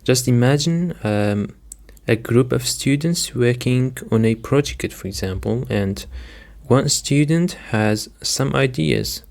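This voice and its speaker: Guy teaching english words real slow, says each word twice, lots of um, talks to his dear listeners. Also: mid-range voice, lively intonation, gravelly, darkish tone. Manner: patient, repeats words and stresses, frequent "um" and "dear listeners". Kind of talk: slow, deliberate vocabulary lesson.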